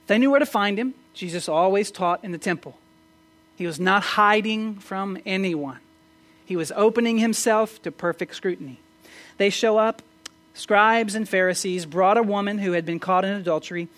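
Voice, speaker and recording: A pastor giving a conversational Sunday-morning sermon in church, often asking rhetorical questions and stumbling into quick restarts. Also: mid-range voice, fairly bright tone. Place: church service.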